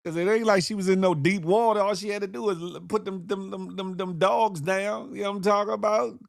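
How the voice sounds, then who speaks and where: A man hosting a casual morning show, animated and joking, laughing often as he comments. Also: sits high, a little fast, vocal fry, dry recording, clean studio sound.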